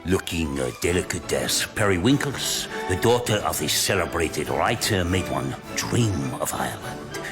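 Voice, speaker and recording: A man giving a grand, declamatory reading of an old review, with loud music playing underneath. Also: sits low, animated, normal speed, hardly any pauses. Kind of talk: theatrical reading of a period review.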